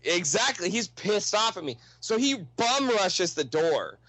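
A young man telling a long, profane story in a casual, animated way. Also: high-pitched, unhurried, dry recording, rough recording.

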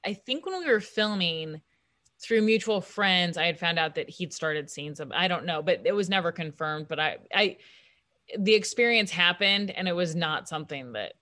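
A woman comedian in casual podcast chat, telling stories in a lively way and acting out what people said. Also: on the low side, normal speed, dry recording. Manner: animated storytelling, acts out quoted voices.

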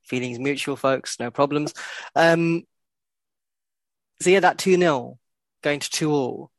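A man's voice: fairly high pitch, slow pace, gravelly, no echo. A man co-hosting a podcast, talking football in a blunt, sweary way and laughing often. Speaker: podcast co-host. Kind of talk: casual football chat.

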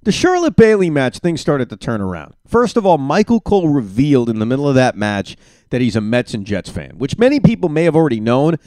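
A man's voice: mid-range voice, fairly quick, no room sound, clean studio sound. A man hosting his own solo podcast, giving opinionated and emphatic reactions in a ranting way. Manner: animated, emphatic. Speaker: podcast host.

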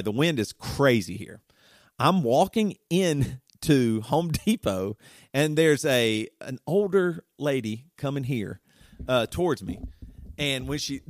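A man hosting a podcast, telling comic stories in a lively way and often laughing as he talks. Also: medium pitch, no echo, clean studio sound. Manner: animated, laughs through his stories. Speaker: podcast host. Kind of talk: casual comic storytelling.

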